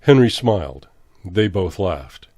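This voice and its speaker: Male horror narrator, low, measured, dramatic, dry close recording. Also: very animated, warm tone, dry recording. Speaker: storyteller.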